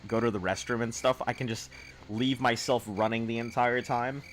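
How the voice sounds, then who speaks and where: A man's voice: medium pitch, fairly even intonation, normal speed, a little hiss or hum. A man streaming a game, chatting casually with viewers in a rambling, offhand way full of fillers. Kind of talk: casual live-stream chat.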